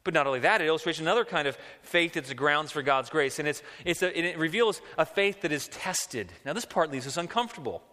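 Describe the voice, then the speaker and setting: A male pastor preaching in a conversational way, often slipping into acted-out quotes. His voice sits a touch high and rings bright and forceful. A long reverb from the church hall follows his words. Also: lively intonation, fast, few pauses. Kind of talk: sermon.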